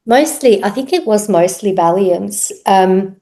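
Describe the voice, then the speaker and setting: Middle-aged woman guest, slow and reflective, halting delivery. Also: medium pitch, warm tone. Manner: reflective, unhurried, pauses with ums. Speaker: podcast guest, therapist. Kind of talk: personal story in interview.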